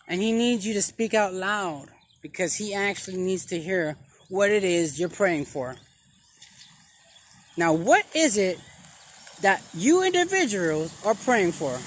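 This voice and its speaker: Slow, bright-voiced theatrical street preacher man. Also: high voice, expressive. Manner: theatrical, dramatic pauses, repeats phrases. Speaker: self-styled street preacher. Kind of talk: comic vlog sermon.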